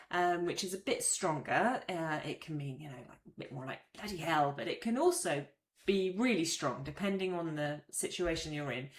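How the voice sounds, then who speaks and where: A woman explains French expressions in a casual video lesson, chatty and easygoing, slipping into little acted examples. Her voice sits somewhat low for a woman. The recording has a roomy echo. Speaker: French language teacher.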